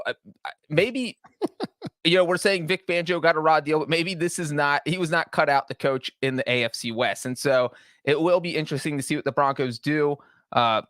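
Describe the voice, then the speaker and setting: A man's voice: on the high side, a bit bright, dry recording, studio quality. A man co-hosting a casual sports podcast, laying out his points step by step. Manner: analytical, lays out points step by step. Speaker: podcast co-host.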